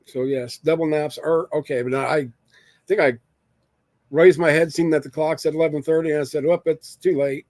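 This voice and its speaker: Give me a slightly high-voiced man rambling through a casual solo live stream, recorded dry on a desk mic. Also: darkish tone, dry recording. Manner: rambling, jokey, reads chat aloud.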